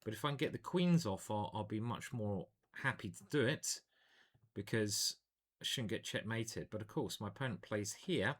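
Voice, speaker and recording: A man's voice: fairly low pitch, lively intonation, normal speed. A man, a chess grandmaster, commentating live on his own online games in a chatty, self-deprecating way, thinking aloud at a home computer.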